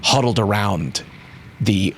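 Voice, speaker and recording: A man's voice: on the low side, slow pace, a little hiss or hum. Man narrating as a game master. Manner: animated storytelling, frequent fillers.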